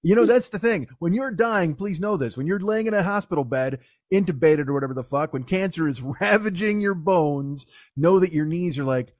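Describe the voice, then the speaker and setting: A man's voice: a little high, expressive, moderate pace, hardly any pauses, darkish tone, dry recording, clean studio sound. A man hosting a podcast, doing a comedic monologue that rambles and swears a lot. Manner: profane, rambling riffing. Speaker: podcast host.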